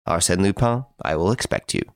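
A man doing a gruff, baffled police detective. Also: sits low, brisk, dry recording, studio quality, natural voice. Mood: dry, grudging. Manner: blunt, incredulous.

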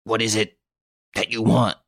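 A man's voice: fairly low pitch, lively intonation, moderate pace, a bit bright, no room sound, clean studio sound, voice pushed up. A man doing a stammering, frightened servant. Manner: stammering, fearful, defensive. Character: frightened, cornered young male servant accused of murder.

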